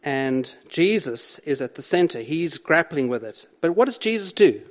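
A man's voice: on the high side, big pitch swings, normal speed. An older man preaching a sermon, explaining a Bible passage with emphatic repetition and rhetorical questions. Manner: emphatic, repeats key words, rhetorical questions.

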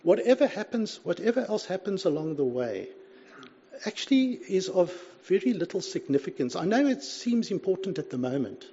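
High-voiced guy preaching, earnest and chatty, lo-fi muffled recording. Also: very animated, moderate pace, gravelly, mellow, husky. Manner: earnest, conversational, repeats "you see". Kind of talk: sermon. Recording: dull lo-fi recording.

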